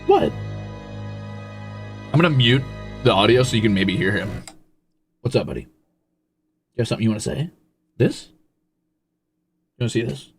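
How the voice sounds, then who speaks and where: A man's voice: mid-range voice, very animated, moderate pace, long pauses, soft background music. A male live streamer in casual chat, teasing and swearing freely as he coos at and scolds his cat.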